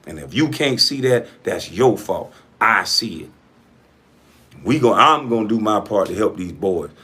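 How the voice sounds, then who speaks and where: A middle-aged man from coastal Georgia giving a profane, forceful monologue to camera as an entrepreneur vlogger, repeating himself for emphasis. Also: fairly low pitch, lively intonation, unhurried. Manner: profane, forceful ranting with repetition.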